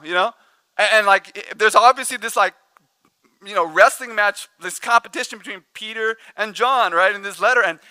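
A pastor preaching a sermon, telling stories with humor and acting out the people in them. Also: male voice, sits high, clean tone, dry recording. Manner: animated, jokey storytelling with laughs and acted-out quotes. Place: church.

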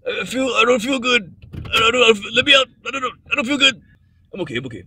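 A man's voice: very high-pitched, expressive, quick pace, pushed and bright, breathy edge, voice pushed up, full character voice. A man voicing a whiny, childlike male turtle uncle who frets and jokes, recorded inside a car. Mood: fretful. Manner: whiny, fretful, jokey.

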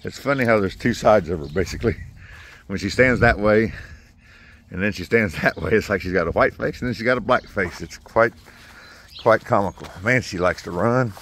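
A man's voice: fairly low pitch, moderate pace, a bit bright, slight background noise. A man gives easygoing, casual commentary while walking a new puppy outdoors in a yard. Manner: easygoing, coaxes the dog between remarks.

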